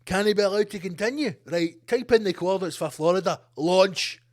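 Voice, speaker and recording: A man's voice: high voice, fairly quick, close to an everyday voice. A man putting on a coarse, aggressive male government official barking orders. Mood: contemptuous.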